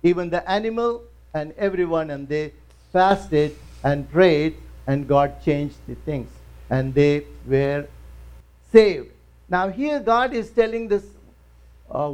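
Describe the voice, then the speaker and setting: A man's voice: high-pitched, unhurried, smooth. A male pastor preaching in church, telling a story with acted quotes and emphatic rises. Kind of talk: sermon.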